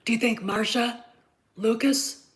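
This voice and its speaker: A woman's voice: fairly high pitch, steady tone, unhurried, low-quality recording. A woman hosting a live stream, lecturing her chat insistently, repeating her points and checking in with "okay?".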